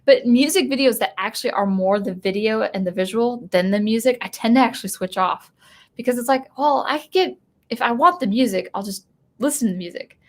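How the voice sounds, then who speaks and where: A woman's voice: fairly high pitch, brisk. A woman hosting a live stream about music, talking casually and rambling with many restarts while reading out viewer comments. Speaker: music channel host.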